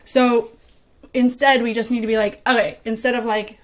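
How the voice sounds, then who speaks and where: A woman's voice: on the high side, little pitch movement, moderate pace. A woman who trains youth mentors, teaching in a casual, conversational way and acting out example phrases. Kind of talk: casual instructional talk.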